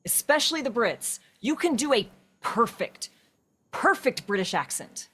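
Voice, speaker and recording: A woman's voice: on the high side, unhurried, husky. Chatty woman co-hosting a game stream. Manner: chatty, animated storytelling. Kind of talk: casual chat while playing.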